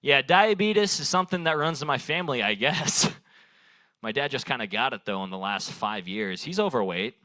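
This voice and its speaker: A young man does improvised crowd work at an open mic on a small bar stage, rambling loosely, swearing, and laughing at his own jokes through a handheld stage mic. His mid-range voice has lively intonation and a sharp tone at a moderate pace, with no room sound.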